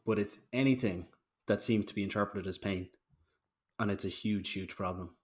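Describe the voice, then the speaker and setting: A man's voice: on the low side, normal speed. A man chats on a podcast about coaching at the gym. He tells stories in a loose, ranting way and swears freely. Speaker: podcast co-host, strength coach. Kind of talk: casual podcast chat.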